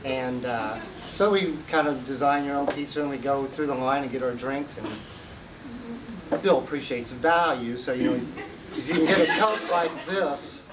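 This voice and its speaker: Brief: man roasting a friend, loose and halting, recorded far off on hissy home video. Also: medium pitch. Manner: rambling, lots of fillers, slipping into laughter. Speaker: roast speaker. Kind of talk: telling a roast story to a crowd. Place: party hall with an audience. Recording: distant home video mic with loud hiss.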